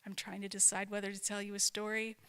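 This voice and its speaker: A woman's voice: medium pitch, completely flat delivery, quick pace, bright, forceful tone, clear, resonant tone. A woman, an author and speaker, giving a conversational teaching talk in a reflective, emphatic way. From not from the American South. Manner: reflective, emphatic, asks herself questions aloud.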